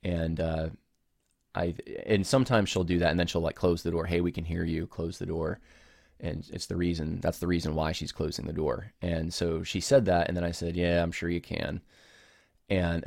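A man's voice: sits low, vocal fry, a little mellow, no room sound, clean studio sound. A man hosting a podcast alone, talking casually and apologetically, rambling and restarting his sentences as he explains himself. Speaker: podcast host. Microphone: home recording setup with camera.

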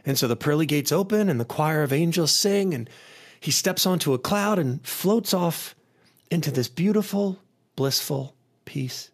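A man's voice: fairly high pitch, lively intonation, moderate pace. A man telling a long joke in a loose, rambling way, with fillers and restarts.

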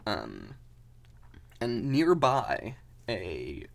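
A man casually narrates his character's moves in a tabletop game, halting often with fillers and restarts. His voice is gravelly, with a lively, rising and falling pitch. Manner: hesitant, many fillers and restarts. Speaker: player.

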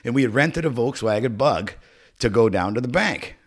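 A man's voice: mid-range voice, animated, moderate pace. A middle-aged man co-hosting a podcast, telling a long story in casual chat, swearing often and acting out the voices and sound effects. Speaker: podcast co-host.

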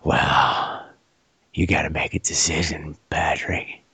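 A man putting on a husky, menacing whisper as a leering male haunted-house performer. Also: a bass voice, level tone, slow pace, pushed and bright, no room sound, voice pushed down, full character voice. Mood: taunting whisper. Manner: taunting, leering.

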